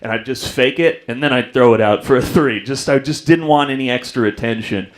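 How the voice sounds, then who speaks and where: A man's voice: medium pitch, a little fast. A young man doing a stand-up comedy set on a club stage, telling self-deprecating stories and acting out the people in them. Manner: self-deprecating storytelling, acts out voices.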